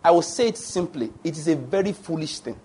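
A man's voice: a little high, lively intonation, fairly quick, warm tone, a little hiss or hum. A man preaching a sermon, emphatic and digressive, asking the congregation questions and answering them himself. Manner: digressive, with restarts and fillers.

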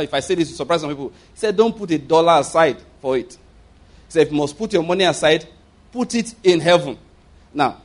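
Emphatic Nigerian preacher, fairly high voice. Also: male voice. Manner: emphatic, repeats phrases, acts out quoted speech. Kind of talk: sermon.

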